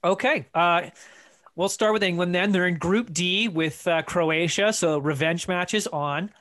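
A man's voice: high voice, unhurried, fairly bright tone. A man from Iceland co-hosting a casual football podcast, joking and sarcastic as he chats. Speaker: podcast co-host. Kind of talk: casual sports chat.

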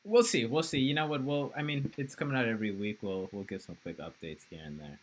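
Low-voiced man joking through a podcast. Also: fast, fairly bright tone, rough recording. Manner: joking, rambling, laughs often. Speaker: podcast co-host. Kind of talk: casual chat.

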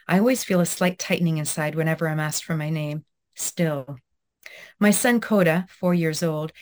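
A woman in her thirties, a guest talking reflectively in an interview with many pauses and restarts, then reading her own essay aloud. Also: sits low. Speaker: guest author.

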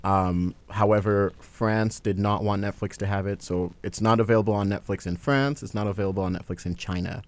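A man's voice: fairly low pitch, steady tone, a little fast, hardly any pauses. A man hosting a casual podcast film review, rambling with fillers and laughing often. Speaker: podcast host.

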